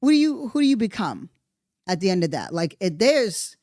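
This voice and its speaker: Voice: medium pitch, sing-song, moderate pace, darkish tone, no echo. Rambling profane podcast host, dry mic. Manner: rambling, profane, thinks aloud with many "right?" tags. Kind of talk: casual monologue commentary.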